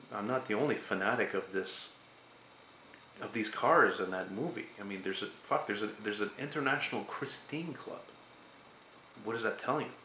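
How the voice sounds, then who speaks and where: Brief: man around 40, lowish voice, rambling casual vlog chat, faint background hiss. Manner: rambling, hesitant, swears casually. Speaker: artist and channel host.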